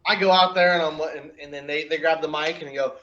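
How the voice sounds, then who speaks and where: A man's voice: a little high, fast talker, highs cut off. Laughing man telling a wrestling story. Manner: animated anecdote with laughs and acted-out quotes. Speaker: guest wrestler. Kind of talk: casual storytelling.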